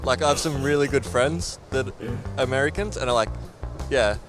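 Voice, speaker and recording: A man's voice: mid-range voice, fairly quick, a bit bright. An Australian man answering a street interview hesitantly, filling gaps with "like". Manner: hesitant, lots of "like". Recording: music under outdoor interview.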